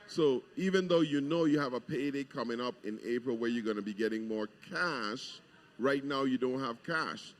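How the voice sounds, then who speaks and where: A middle-aged man serves as governor and guest on a morning talk program, his voice steady and mid-pitched. He laughs readily and lays out policy patiently in everyday words, chatting casually from an outdoor deck. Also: normal speed. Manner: laughs easily, explains patiently. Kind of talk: casual radio chat, explaining policy. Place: outdoor deck at a live broadcast.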